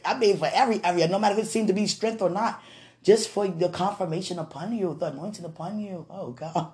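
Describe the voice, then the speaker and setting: Christian woman vlogger, somewhat low voice, effusive and prayerful, warm-hearted direct address. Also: a little fast. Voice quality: effusive, breaks into prayer and laughter, repeats "Oh, God". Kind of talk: emotional, prayerful chat to viewers.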